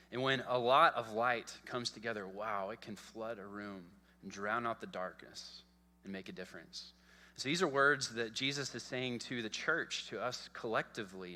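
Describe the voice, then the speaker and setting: Male pastor, earnest sermon delivery with a bright edge, reverberant sanctuary sound. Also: medium pitch. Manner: earnest, repeats words, asks "okay?" often. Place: church sanctuary. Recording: long church hall reverb.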